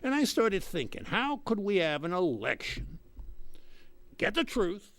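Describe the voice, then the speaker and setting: A man performing a self-satisfied older politician who rambles through a comic monologue from his estate. His voice sits high and gravelly and swings widely up and down in pitch, recorded dry and close. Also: very animated, unhurried, a bit bright, no echo, full character voice. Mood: rambling. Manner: pompous, rambling, mocking voices of others. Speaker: comic character host.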